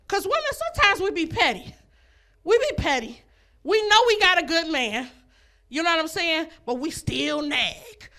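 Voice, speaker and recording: On a comedy club stage, a woman with a high, bright, forceful voice delivers a brash, bawdy stand-up set. She aims her jokes at the ladies in the audience and laughs at her own material.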